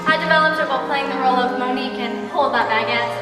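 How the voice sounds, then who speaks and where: A woman's voice: high voice, fast talker, a loud crowd, very noisy, natural voice. A woman on stage playing a dramatic young actress who is about to be a bride. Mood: arch. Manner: dramatic, showy. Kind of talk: live stage musical performance. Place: theatre stage. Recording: echoey hall from far off.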